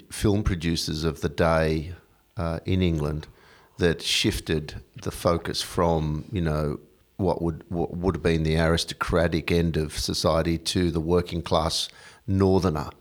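A podcast host asking questions in a casual, hesitant way with many ums and restarts. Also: male voice, low voice. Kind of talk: casual interview talk.

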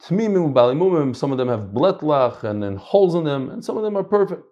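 A middle-aged man teaching a casual Talmud class, animated and swinging between loud and soft. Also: a little high, fairly quick, dull audio.

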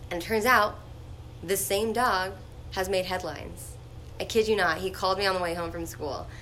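A young woman telling a personal story in a casual, chatty vlog, full of "like" fillers and animated retellings. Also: lowish voice, slight background noise. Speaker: vlogger.

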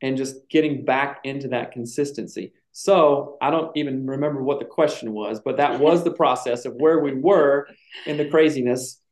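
A man's voice: medium pitch, normal speed, darkish tone. A man telling a personal story in casual chat, reflective and emotional at times. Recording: echoey room.

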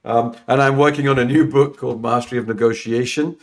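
A middle-aged man from London with a London accent, chatting as a podcast guest, warm and rambling with many restarts. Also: mid-range voice, fairly even intonation, brisk. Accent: London English. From England. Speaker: podcast guest, new home sales trainer. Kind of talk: casual interview chat.

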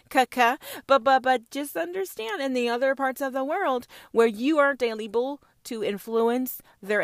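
A woman's voice: medium pitch, a bit bright, no echo. Woman host, heated monologue, swears freely, fires off rhetorical questions; close dry sound. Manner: fiery, profane, rhetorical questions. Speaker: podcast host. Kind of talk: opinionated monologue.

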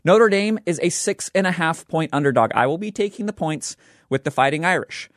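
A young man hosting a sports betting show, talking in an animated, joking and emphatic way. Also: fairly high pitch, fairly quick, dry recording, clean studio sound. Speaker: sports podcast host. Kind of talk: scripted sports commentary.

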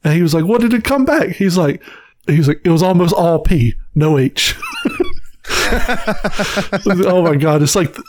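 A man co-hosting a casual podcast, retelling a cartoon episode in an animated way, swearing and laughing often. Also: fairly high pitch, a little slow, pauses often, slight background noise. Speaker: podcast co-host. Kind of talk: casual chat.

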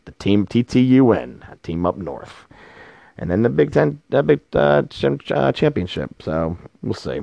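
A man's voice: mid-range voice, very animated, measured pace, gravelly, dark tone, no echo. A middle-aged man hosting a sports podcast in casual chat, blunt and opinionated, swearing freely, on a dull lo-fi recording. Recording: dull lo-fi sound.

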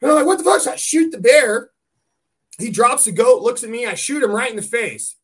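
A man from California hosting a podcast, telling hunting stories in a casual, animated way and swearing freely. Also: very high voice, moderate pace, slightly rough. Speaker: podcast host. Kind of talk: casual chat.

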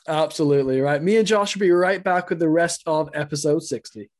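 A man's voice: on the high side, normal speed, very noisy. A man from England co-hosts a soccer podcast in easygoing chat, speaking in a somewhat raised register. He rambles through fillers and laughs often. The sound comes through a video call. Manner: rambling, chuckling, lots of fillers. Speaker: podcast co-host.

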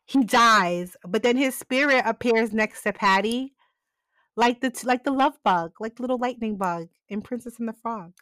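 A woman's voice: a little high, normal speed, a bit bright, no room sound. A woman casually recapping a TV episode, acting out the characters' lines with lots of laughter. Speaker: podcast co-host recapping a TV episode.

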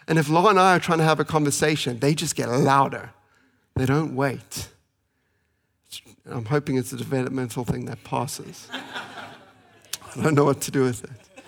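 A pastor in his thirties delivers a sermon in a slightly higher-pitched voice. He sounds earnest and pleading. He lingers on key phrases and hurries through family anecdotes. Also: a bit bright. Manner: earnest, pleading, with slow emphatic pauses and fast anecdotes.

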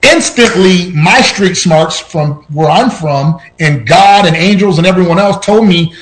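Animated high-voiced man telling stories. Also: unhurried, rough recording. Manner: animated, voice jumps high at tense moments, frequent restarts. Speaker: podcast guest. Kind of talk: personal storytelling.

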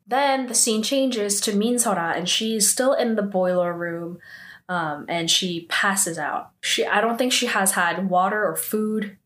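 A woman with a mid-pitched voice walks through a drama episode in a relaxed, offhand way. Her talk is scattered with fillers and small restarts, and she drops in her own opinions as she goes. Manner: loose and chatty, full of "like" and "um" fillers. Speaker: drama recapper. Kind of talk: casual spoken recap of a TV drama episode.

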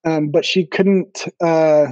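A man with a slightly raised voice tells stories as a podcast guest, pausing often on ums and restarting his sentences. The recording sounds dull and lo-fi, with a dry, close sound and no room echo. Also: a little high, fairly even intonation, a little mellow. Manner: halting, frequent ums and restarts. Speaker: podcast guest, former missionary. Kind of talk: casual interview storytelling.

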